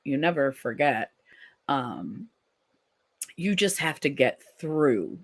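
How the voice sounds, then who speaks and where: This host of a live stream reads out viewer comments and answers them gently, in a slow, sing-song, mid-range voice. The casual chat is full of ums and restarted sentences.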